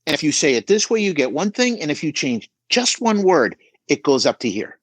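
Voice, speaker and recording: A man's voice: a little high, very animated, fairly quick, husky, dry recording. A middle-aged man giving emphatic coaching advice on a podcast, often checking in with "right?". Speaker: business coach guest.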